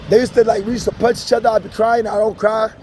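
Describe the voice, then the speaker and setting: A man's voice: high voice, fast talker. A man telling wild personal stories in a casual, profane, laughing manner, outdoors by a street. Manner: profane, laughing, animated storytelling. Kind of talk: casual storytelling. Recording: loud street traffic noise.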